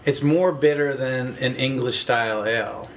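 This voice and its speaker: A man in a casual beer-tasting chat, jokey and rambling, quick to tease the others. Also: mid-range voice, slight background noise.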